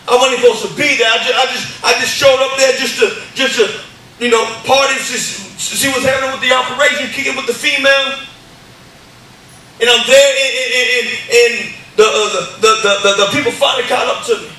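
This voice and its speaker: A man with a very high, piercing, sharp-edged voice gives an impassioned church testimony. He stumbles over repeated words and rises into shouts. His voice rings through an echoey church hall, picked up from a distance. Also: fairly even intonation, brisk. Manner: stammering repetitions, builds to shouting. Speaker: testimony speaker.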